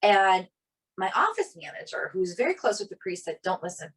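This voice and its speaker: With a medium-pitched, breathy-edged voice at a moderate pace, a woman co-hosts a podcast. She's from an Italian family and tells a personal story in casual talk, acting out quoted people animatedly with many "like" fillers.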